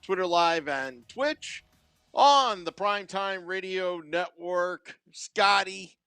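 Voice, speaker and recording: Bright high-voiced male podcast host. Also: slow pace, clear, resonant tone, no room sound. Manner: playful, self-aware reporter voice. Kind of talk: hockey recap podcast chat. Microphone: studio mic.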